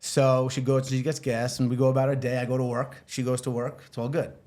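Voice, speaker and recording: A man telling a long personal story as a podcast guest, animated, swearing freely and acting out what people said. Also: medium pitch, a little fast. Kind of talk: casual storytelling.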